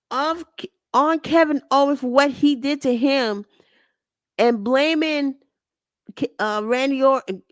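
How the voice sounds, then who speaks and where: Slow-talking American woman, rambling recap. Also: high-pitched, no room sound, clean studio sound. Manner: rambling, self-correcting, animated. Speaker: show host. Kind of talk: casual wrestling recap.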